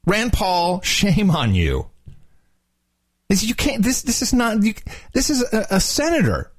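A man's voice: high voice, lively intonation, normal speed, breathy edge. A man co-hosting a podcast in casual chat, ranting and exclaiming. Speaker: podcast co-host.

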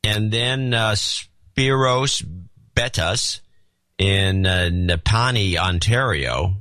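A man's voice: on the low side, drawn-out words, sharp tone, no echo. A male podcast co-host with a dry, wry delivery, reading out donor notes and chatting about politics.

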